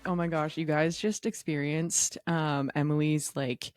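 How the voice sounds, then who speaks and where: Woman co-host, low voice, bubbly teasing banter, dry close sound. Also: steady tone, measured pace, hardly any pauses, a little mellow, no room sound, soft background music. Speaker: podcast co-host. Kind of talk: casual podcast chat.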